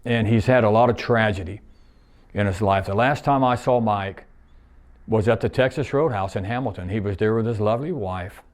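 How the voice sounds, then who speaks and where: A man's voice: on the low side, moderate pace. A man in his sixties, a retired plant worker, reminiscing in a rambling, folksy way, repeating himself and using nonstandard grammar.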